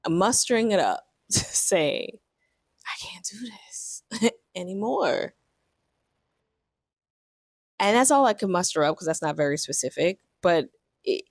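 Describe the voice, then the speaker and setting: A woman in her thirties, a marriage coach, telling a personal story in a reflective, earnest way with many fillers, turning animated in her examples. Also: low voice, no room sound, clean studio sound.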